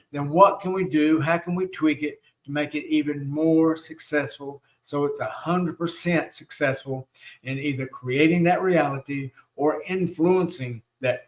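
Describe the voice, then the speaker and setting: Folksy Southern man, fairly high voice. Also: moderate pace. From Southern United States. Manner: folksy and rambling, many "uh" and "you know" fillers. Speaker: spiritual teacher and show host. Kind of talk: live-stream teaching and chat.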